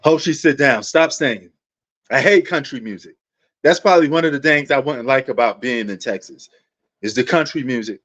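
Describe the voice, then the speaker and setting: A man's voice: mid-range voice, moderate pace, fairly bright tone. A man hosting a sports livestream, rambling in a laid-back, casual way and talking straight to his viewers.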